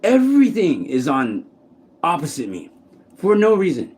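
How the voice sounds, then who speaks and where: A man's voice: on the high side, wildly swooping pitch, a little slow, darkish tone. A man talking casually to the camera in a rambling, profane monologue full of restarts, recorded outdoors in a city park. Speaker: vlogger.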